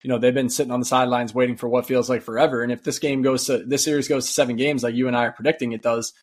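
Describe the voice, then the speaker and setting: A man's voice: mid-range voice, flat delivery, very fast. A man co-hosting a sports podcast, talking casually and agreeing with his partner.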